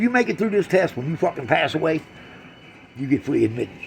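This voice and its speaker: A man doing a crude, brash stand-up routine on a club stage, swinging from loud jabs to low mutters. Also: big pitch swings, a little fast, vocal fry, a little hiss or hum. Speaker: stand-up comedian.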